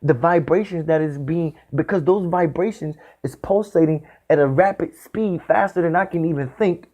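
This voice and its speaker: A man giving a spiritual talk in the style of a sermon. He speaks emphatically and repeats his phrases, sometimes drawing them out slowly. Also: fairly high pitch, a little mellow. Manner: repetitive, emphatic, drawn-out phrasing. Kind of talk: preaching monologue.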